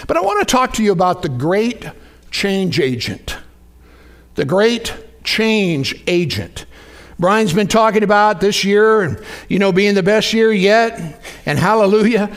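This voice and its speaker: A man preaching a sermon, folksy and lively, calling out to the congregation for responses. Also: high-pitched.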